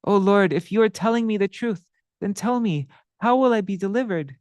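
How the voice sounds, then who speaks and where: A man's voice: sits high, lively intonation, normal speed, darkish tone, no room sound, pitched above the performer's own voice. A man voicing a repentant ruffian who earnestly begs for mercy, his voice raised and imploring. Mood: pleading.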